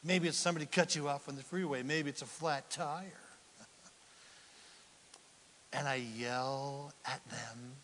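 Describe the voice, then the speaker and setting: Animated preacher in a reverberant hall. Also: male voice, medium pitch, measured pace, pauses often. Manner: animated, swings from loud to whispered asides. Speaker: pastor. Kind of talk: sermon.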